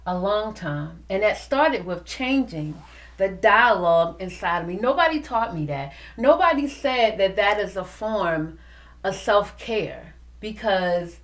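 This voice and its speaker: A woman hosting a podcast, giving an animated motivational talk to her listeners. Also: medium pitch. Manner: animated, preachy, addresses listeners as y'all. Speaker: podcast host.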